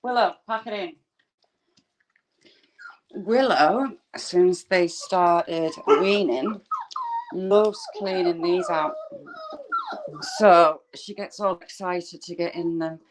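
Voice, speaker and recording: A woman's voice: lowish voice, slow pace, long pauses, poor audio. A woman hosting a casual live stream at home, cooing at puppies in a sing-song voice and greeting viewers by name.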